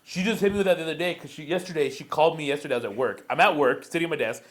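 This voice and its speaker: Fast-talking, profane young man. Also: fairly high pitch, fairly bright tone. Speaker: podcast co-host. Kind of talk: casual chat.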